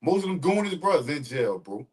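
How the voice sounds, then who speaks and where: Fast-talking New man, off-mic. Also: fairly high pitch, recorded from a distance. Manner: brash, profane, repeats words when excited. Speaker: podcast host. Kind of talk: casual street storytelling.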